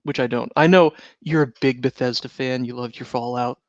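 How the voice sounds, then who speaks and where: A slightly hoarse man co-hosting a casual podcast, dry and sarcastic in his asides. His voice sits at a middle pitch, the sound is close and dry with no room around it, and the audio is a bit dull and lo-fi. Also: fairly even intonation, moderate pace, no room sound. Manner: wry, sarcastic. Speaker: podcast co-host. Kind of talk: casual chat.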